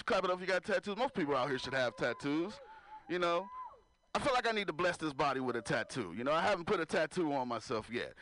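A man's voice: a little high, pushed and bright, slight background noise. A man doing a stand-up comedy set, talking loosely with the crowd and laughing at his own jokes. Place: live comedy venue with audience.

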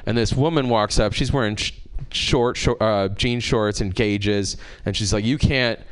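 A man doing a stand-up set, telling a profane, rambling story that builds to yelling, on a handheld mic in a comedy club. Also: lowish voice, fairly even intonation, normal speed, clear, resonant tone.

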